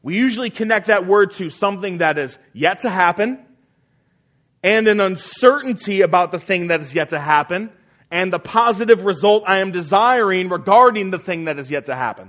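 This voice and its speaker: A man's voice: high voice, lively intonation, normal speed, fairly bright tone. A man preaching a sermon as pastor, emphatic and repeating key phrases, often asking the congregation questions.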